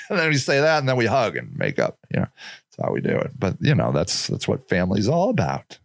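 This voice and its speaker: A man's voice: mid-range voice, wildly swooping pitch, a little fast, creaky, no echo. A man hosting a podcast, giving blunt, repetitive advice in a casual monologue and acting out the people he quotes. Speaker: podcast host.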